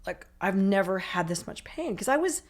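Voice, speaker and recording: A woman's voice: mid-range voice, animated, moderate pace. A woman telling her own recovery story in conversation, speaking in emotional, run-on sentences full of "I'm like" asides. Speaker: author and recovery guest.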